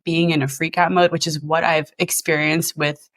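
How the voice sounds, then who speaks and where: A thirties-aged woman from New Jersey hosts a podcast, her voice low and level at an ordinary pace. She keeps the conversation casual and chatty, laughing often and saying "like" a lot.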